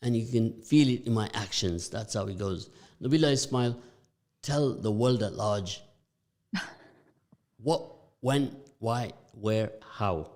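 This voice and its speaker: A man's voice: fairly low pitch, slow, long pauses, darkish tone. A man hosting a morning community radio show, upbeat and playful, repeating phrases for effect. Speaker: radio host.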